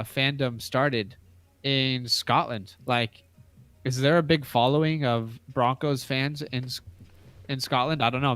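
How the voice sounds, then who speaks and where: A man's voice: mid-range voice, fairly bright tone, clean tone, no echo. Brief: American male co-host, chatty, reads viewer questions, dry close mic. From United States. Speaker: podcast co-host. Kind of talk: casual live-stream chat.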